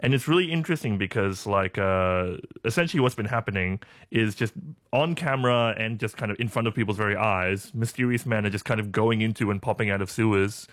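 A man co-hosting a casual news chat, deadpan and rambling with many fillers. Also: lowish voice, no room sound. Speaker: co-host.

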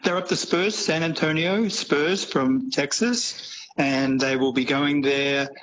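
An upbeat man filing a live report into a radio show, his voice a touch high. He fills his talk with small fillers, with faint noise behind him on the remote line. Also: slow, a bit bright, poor audio. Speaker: radio correspondent.

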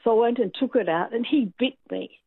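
A woman's voice: on the high side, fairly quick, vocal fry, slightly rough, dry recording. A woman calling in to a radio show, telling a story in a chatty, hesitant way. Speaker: caller. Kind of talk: telling an anecdote on a radio call-in. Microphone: telephone. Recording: tinny phone line.

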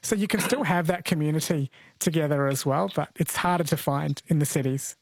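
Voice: mid-range voice, fairly quick. A radio host chatting with a caller, conversational and thinking aloud as they go. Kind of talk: radio talk show interview.

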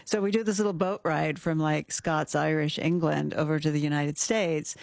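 A woman dialect coach speaking as a guest in a radio studio interview, animated and playful and laughing often. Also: deep voice, moderate pace, vocal fry, no echo.

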